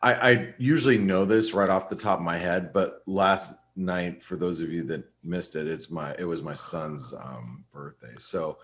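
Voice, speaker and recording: A middle-aged man with a very low voice talks casually on a trading webinar. He rambles, doubles back on his words and fills the gaps with "um" and "you know". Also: moderate pace, few pauses, fairly bright tone. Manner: rambling, with frequent restarts and fillers. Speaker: webinar host and market analyst.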